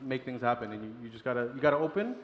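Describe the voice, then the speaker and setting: A man, a chef, talking casually and quickly in an interview with laughing asides. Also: mid-range voice, expressive, a loud crowd. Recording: echoey room with long reverb.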